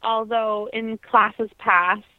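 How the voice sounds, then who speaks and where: A woman's voice: on the high side, steady tone, takes it slowly, no echo. A woman in her thirties, a guest on an interview podcast, telling her story in an earnest, reflective way with frequent ums. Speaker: podcast guest, opera singer. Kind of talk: conversational interview. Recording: tinny phone-like line.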